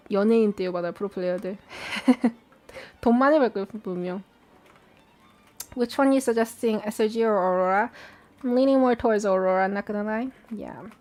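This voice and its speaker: A woman hosts a live-stream watch party, chatting casually and answering viewer questions aloud over faint background music. Her voice is medium-pitched and a little mellow.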